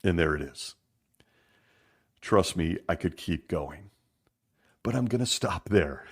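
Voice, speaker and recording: A man hosting a casual monologue, making wry sarcastic asides and laughing as he talks, slowing down to stress points. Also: deep voice, husky. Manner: laughs often while talking; lively and animated, slowing down for emphasis. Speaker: podcast host.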